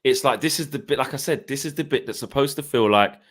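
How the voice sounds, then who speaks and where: A man in a casual fan chat who tells stories in an animated way and acts out his own shouting. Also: mid-range voice, fast, hardly any pauses. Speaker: co-host of a fan channel.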